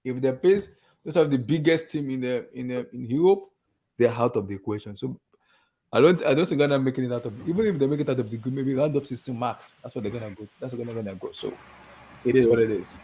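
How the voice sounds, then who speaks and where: A man's voice: medium pitch, quick pace, warm tone, breathy edge. Rambling man chatting about football. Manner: rambling, hesitant, lots of fillers. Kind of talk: casual football chat.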